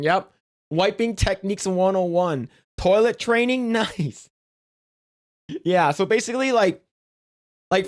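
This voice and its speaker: A man live-streaming in casual chat, crude and profane, rambling with restarts in a jokey instructional tone. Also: high-pitched.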